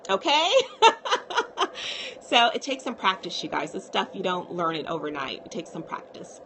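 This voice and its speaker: A woman's voice: fairly low pitch, sing-song, normal speed, bright, forceful tone, a little hiss or hum. A woman psychiatrist talking casually to viewers on a live stream, reassuring and often checking in with "okay?".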